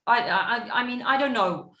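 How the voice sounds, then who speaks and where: A woman with a slightly raised pitch chats casually as a podcast guest, recounting events with lively, acted-out quotes. Her voice carries a noticeable room echo. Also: moderate pace. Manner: animated, acts out what others said. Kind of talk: casual storytelling chat. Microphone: podcast microphone.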